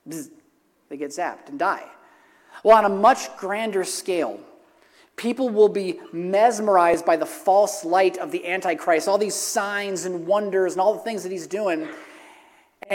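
Man, pastor, sermon, earnest, repeats phrases for emphasis, high voice, long hall reverb. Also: a little mellow.

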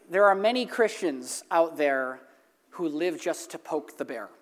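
A pastor delivers a sermon with emphatic, animated storytelling and repeats key phrases. The voice is recorded in a church sanctuary, and a long reverb of the large hall trails behind every sentence. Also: mid-range voice.

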